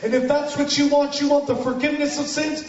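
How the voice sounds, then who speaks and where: Man telling his testimony from the pulpit, lively, shouty at times, dull muffled sound, big echo. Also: extremely high pitch, fairly quick. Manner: animated storytelling, bursts into shouts, banters with the audience. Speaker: guest preacher giving testimony. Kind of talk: sermon testimony to a congregation. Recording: echoey hall from far off, dull sound.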